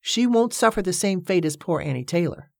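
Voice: medium pitch, animated, fairly quick, vocal fry, dry recording, clean studio sound. A narrator voicing a hesitant, apologetic woman in an audiobook. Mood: uncertain. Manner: hesitant, uncertain.

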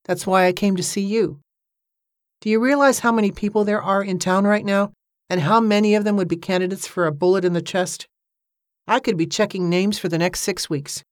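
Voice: medium pitch, steady tone, a little fast, no echo, studio quality, close to an everyday voice. A narrator voicing a plain-spoken male police sergeant in an audiobook. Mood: matter-of-fact. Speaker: character in an audiobook.

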